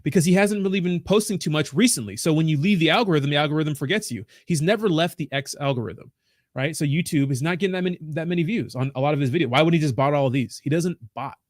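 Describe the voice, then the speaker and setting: A man's voice: fairly high pitch, fast talker, no echo. A man hosting a crypto livestream from a small home studio, rambling and ranting with constant swearing. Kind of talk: casual livestream rant.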